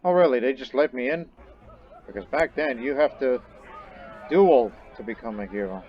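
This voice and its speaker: A man's voice: mid-range voice, lively intonation, moderate pace, dull audio, some chatter behind, slight background noise. A man casually commenting on his own strategy game as he plays, thinking aloud with chatty asides. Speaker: game streamer.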